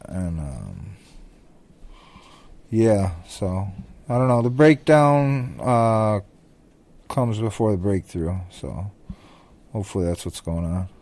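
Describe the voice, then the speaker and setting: A man speaks as a podcast co-host in relaxed conversation, his voice low and mellow. He talks slowly and haltingly, filling the gaps with "um" and "uh" as he searches for words. The tone is reflective and unscripted. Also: vocal fry. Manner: hesitant, many ums and restarts, reflective. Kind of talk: casual chat.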